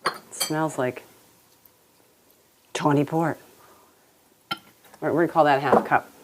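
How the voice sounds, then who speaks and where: A woman's voice: low-pitched, fairly even intonation, slow pace, noisy background. A woman hosting a cooking show in a home kitchen, chatting and joking her way through a recipe. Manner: chatty, playful, laughs often. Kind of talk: casual cooking demonstration.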